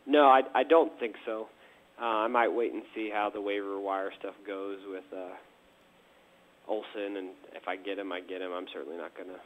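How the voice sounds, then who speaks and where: A tired man co-hosting a fantasy football show, talking in a measured way and stumbling over his first words. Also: fairly low pitch, fairly even intonation, a little hiss or hum, rough recording. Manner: measured, stammers at starts. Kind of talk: casual chat.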